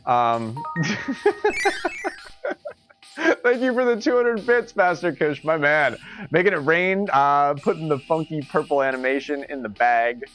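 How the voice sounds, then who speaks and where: A man's voice: on the high side, big pitch swings, unhurried, fairly bright tone, soft background music. A young man hosting a live-streamed game tournament, rambling casually, joking and laughing often between his words.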